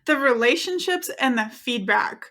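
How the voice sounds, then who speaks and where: A woman's voice: high voice, lively intonation, a little slow, bright, forceful tone. A woman hosting a podcast interview, enthusiastic and affirming toward her guest. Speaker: podcast host.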